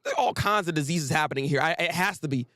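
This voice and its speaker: A man hosting a live manga reaction stream, talking in excitable, exclamatory, slang-filled rants. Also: on the high side, fast, dry recording.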